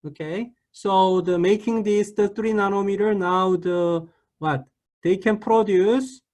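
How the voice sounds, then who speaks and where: Halting, high-voiced male lecturer. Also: fairly even intonation, a little mellow. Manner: halting, many restarts and repeated "okay". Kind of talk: classroom lecture.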